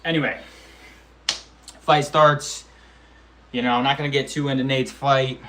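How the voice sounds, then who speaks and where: Young male vlogger, slangy and animated, mid-pitched voice, casual storytelling. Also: unhurried, a little hiss or hum. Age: 20s. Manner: animated, slangy, profane storytelling with acted-out quotes and sound effects. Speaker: amateur MMA fighter vlogger.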